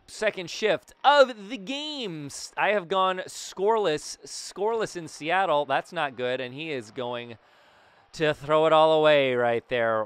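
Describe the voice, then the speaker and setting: A young man with a fairly high, crisp voice narrates his own hockey video game in a loose, joking way. He rambles casually between plays and then bursts out loud and excited. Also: no echo. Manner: excitable, jokey, frequent loud outbursts. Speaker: gaming YouTuber. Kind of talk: casual gameplay commentary.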